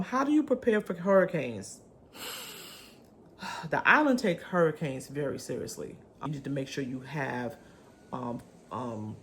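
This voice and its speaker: Chatty lower-voiced woman vlogger. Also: gravelly, a little hiss or hum. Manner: chatty, animated, swooping pitch, many ums. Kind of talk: casual chat to camera.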